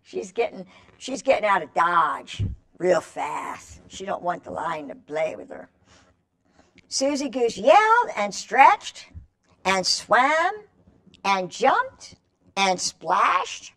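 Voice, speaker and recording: A woman's voice: mid-range voice, big pitch swings, slow, pauses often, fairly bright tone. A woman reading a picture book aloud to children, coaxing them to join in with stretches and animal calls. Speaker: children's storyteller.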